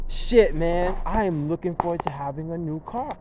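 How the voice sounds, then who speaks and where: Man, 20s, high voice, earnest and repetitive, filler-heavy self-help vlog talk, faint street noise. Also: moderate pace. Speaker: vlogger. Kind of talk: casual motivational monologue.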